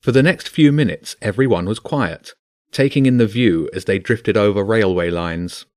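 A man's voice: fairly low pitch, moderate pace, no echo, clean studio sound. A man narrating a children's fantasy book, voicing each character. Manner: expressive, voices each character.

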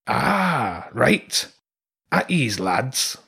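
A man's voice: mid-range voice, sing-song, extremely slow, vocal fry, pushed and bright, breathy edge, voice pushed up, heavily acted. A man voicing a cocky male rat gang leader in a storybook, brash and mocking.

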